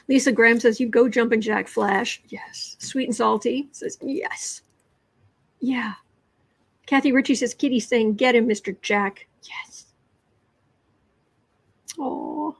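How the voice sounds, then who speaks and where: Slow-talking American woman reading tarot. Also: fairly high pitch, vocal fry, breathy edge, no room sound. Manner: reads viewer comments aloud, drops to whispers at times. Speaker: tarot reader and livestream host. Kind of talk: casual livestream chat with tarot reading.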